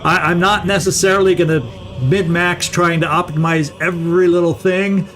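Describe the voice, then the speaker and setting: A man's voice: sits high, fairly even intonation, normal speed, fairly bright tone. A middle-aged man hosting a let's-play, chatting casually and thinking aloud as he plays, often restarting words. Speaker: gaming channel host.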